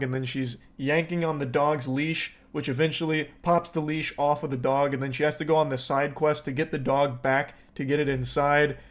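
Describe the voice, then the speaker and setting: A man giving sarcastic, joking commentary on a video clip, swearing and laughing as he goes. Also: on the high side. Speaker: reaction commentator. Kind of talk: casual commentary.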